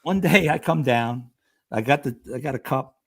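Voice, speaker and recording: His voice is mid-range, gravelly and slightly rough, moving at a moderate pace. A middle-aged retired fire lieutenant, he's a podcast guest telling casual stories and animatedly voicing everyone in them.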